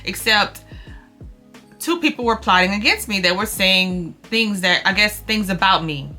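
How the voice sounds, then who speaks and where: A young woman speaks straight to her viewers in a bright, forward voice. She is close to tears, restarts her sentences and repeats herself, and calls her viewers y'all. Faint music plays quietly underneath her. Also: medium pitch, expressive, a little slow. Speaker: vlogger. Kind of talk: emotional confessional vlog.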